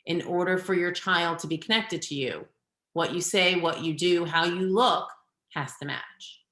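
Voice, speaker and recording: A middle-aged woman parenting coach giving an earnest advice talk in a webinar, at times quick and at times slow and deliberate. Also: lowish voice, fairly even intonation, fairly bright tone. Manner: earnest, advising, shifting between quick and slow deliberate delivery. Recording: echoey room.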